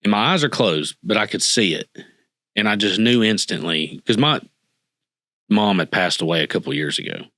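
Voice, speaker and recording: A man with a somewhat low voice tells a deeply personal story as a podcast guest. His tone is forceful and bright, and he acts out the dialogue of the people in his story with real feeling. The sound is dry and close, with no room echo. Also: lively intonation, moderate pace. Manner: earnest, emotional, acts out quoted dialogue.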